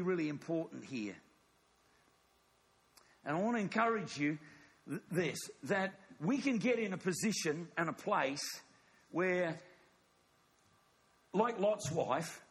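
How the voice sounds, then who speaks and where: A man preaching a sermon, telling a story with animated acted-out dialogue. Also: high-pitched, a little slow, long pauses, slightly rough.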